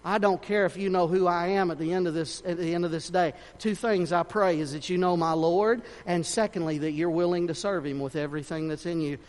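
A man preaching a sermon in a fervent, folksy way, swinging between shouts and hushed tones. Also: sits high, fairly even intonation, brisk, few pauses. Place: church sanctuary. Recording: long reverb of a church hall.

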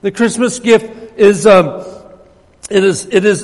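A man preaching a sermon, repeating phrases and swinging from loud emphasis to hushed, low passages. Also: fairly even intonation, measured pace. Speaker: pastor. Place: church. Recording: long hall reverb.

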